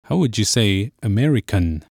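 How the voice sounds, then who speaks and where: A man's voice: lowish voice, lively intonation, normal speed, gravelly, a little mellow, no echo. Patient male language teacher, dry sound. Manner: patient, explaining step by step. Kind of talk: podcast language lesson.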